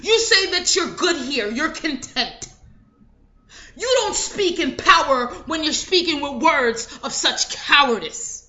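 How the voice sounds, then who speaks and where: A woman's voice: high voice, lively intonation, slow pace, sharp tone. A woman giving an emphatic motivational speech, repeating affirmations for her listeners. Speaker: motivational speaker. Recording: dull lo-fi recording.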